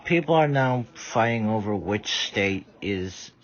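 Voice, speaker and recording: A man's voice: on the low side, animated, measured pace. A tired man giving rambling casual live commentary, stumbling over his words. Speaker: vlogger. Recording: dull lo-fi audio.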